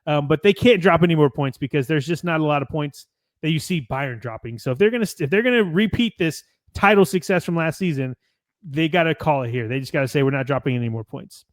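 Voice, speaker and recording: A man's voice: fairly high pitch, fast talker, no room sound, studio quality. An American man co-hosting a podcast, chatting casually and a bit ramblingly, reading out match notes and swearing now and then. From United States. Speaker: podcast co-host. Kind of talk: casual sports chat.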